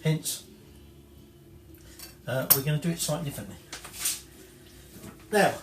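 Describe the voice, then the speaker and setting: A man talks through a recipe in a loose, chatty way, drifting off track, correcting himself and swearing in passing. His voice sits a little high for a man. The sound is roomy and echoey, with dishes and cutlery clattering clearly behind him. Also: unhurried, pauses often, slight background noise. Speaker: home cook presenting a recipe. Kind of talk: casual cooking demonstration. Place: home kitchen.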